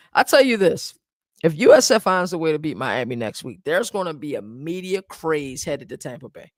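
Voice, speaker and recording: A man's voice: a little high, big pitch swings, normal speed, no echo, studio quality. A man hosting a casual sports podcast, leading the topics in a laid-back, agreeable way. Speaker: podcast host.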